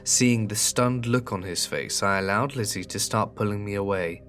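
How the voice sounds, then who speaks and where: A man with a fairly low voice narrates a horror story in a measured, earnest way. Soft background music plays faintly under his reading. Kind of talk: scripted narration.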